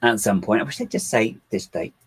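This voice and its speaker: A man with a lowish, slightly rough voice talks briskly while building LEGO on a livestream, reading viewers' comments aloud and muttering his thoughts to himself. The recording quality is low.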